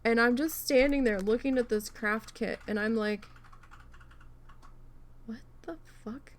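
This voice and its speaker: A woman hosting a craft livestream, casually telling a story with animated swearing while she works. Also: a little high, normal speed. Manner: animated, profane, acts out quoted people.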